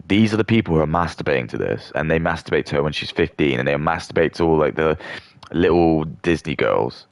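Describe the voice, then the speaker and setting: Very deep gravelly male ranter. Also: lively intonation, a little fast, no room sound. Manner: rambling, contemptuous rant. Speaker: streamer. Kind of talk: ranting casual monologue.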